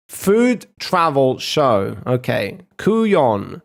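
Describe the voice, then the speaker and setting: Slow-talking young man streamer cursing. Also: medium pitch, lively intonation. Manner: profane, joking, tries out accents. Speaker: streamer reacting to videos. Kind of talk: casual reaction commentary.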